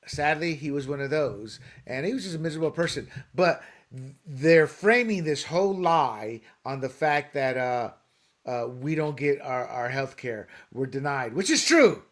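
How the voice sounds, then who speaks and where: A man's voice: mid-range voice, normal speed. A man co-hosting a political talk show, opinionated and mocking, often laughing at his own jokes. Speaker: podcast co-host.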